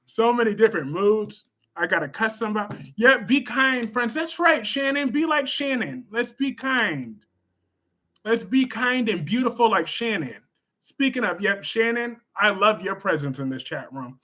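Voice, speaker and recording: Bright high-voiced man chatting on stream. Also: normal speed. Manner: chatty, animated, scolds chatters loudly then gushes warmly. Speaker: live stream host. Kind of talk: casual live stream chat, reading viewer comments.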